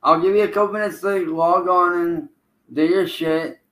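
A man on a livestream hurls taunts and curses at an absent rival, calling him out over and over. His voice sits a little high for a man. The sound bounces around an echoey room. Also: steady tone, normal speed, fairly bright tone. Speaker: streamer. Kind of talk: livestream trash talk.

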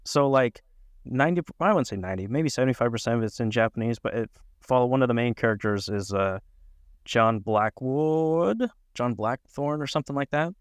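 A man's voice: medium pitch, clear, resonant tone, no room sound, studio quality. Rambling, laughing male podcast co-host. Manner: loose, rambling, quick to laugh. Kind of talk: casual chat.

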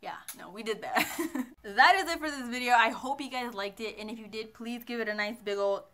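A woman's voice: a little high, a little fast, a bit bright. A young woman vlogger telling a casual storytime, chatty and giggly as she retells her night out.

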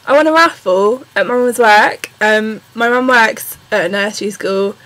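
A young woman with an English accent, chatting excitedly and rambling through a casual vlog with plenty of ums. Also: medium pitch, moderate pace, rough recording. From England. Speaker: vlogger.

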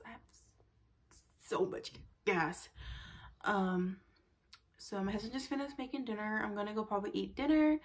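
A young woman vlogging to her camera in a casual chat. She sounds tired and a little out of breath, uses lots of fillers and often drops to a whisper. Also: medium pitch.

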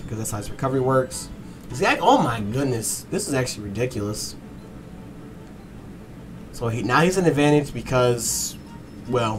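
A man giving a fast, excited play-by-play breakdown of a fighting game match, swearing and breaking into excited bursts. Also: medium pitch. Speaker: match analyst.

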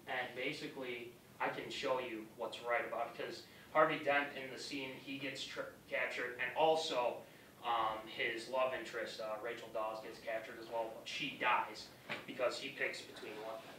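A young man talks through a class presentation in a casual, rambling way, and his voice is bright. The sound is roomy and echoey, picked up by a camera from across the classroom, with a faint hiss behind it. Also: medium pitch, far from the mic. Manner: casual, rambling, loose phrasing. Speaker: student presenter.

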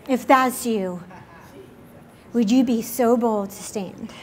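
A woman pastor leading an altar call and prayer in a church service, gently inviting and repeating her words. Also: on the high side, slow pace.

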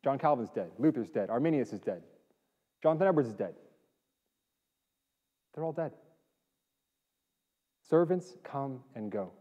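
A man preaching a sermon as pastor, emphatic, swinging between loud declarations and hushed lines. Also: medium pitch, lively intonation, measured pace, pauses often. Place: church sanctuary. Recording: dull sound with long hall reverb.

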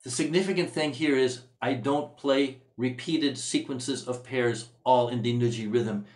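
A man's voice: mid-range voice, unhurried. A man giving a music workshop lesson, explaining in a thoughtful, searching way. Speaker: music teacher. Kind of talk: instructional workshop lecture. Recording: echoey room sound.

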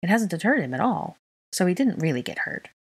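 A woman voicing a calm, reassuring young father in a storybook reading, soft and soothing. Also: lowish voice, a little fast, slightly rough, voice pushed up, exaggerated voice. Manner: gentle and soothing.

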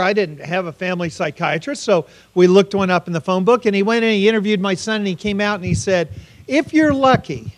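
High-voiced man telling a painful family story. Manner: earnest storytelling, acts out quoted dialogue. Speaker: keynote speaker. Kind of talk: personal story told as a conference keynote. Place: conference hall.

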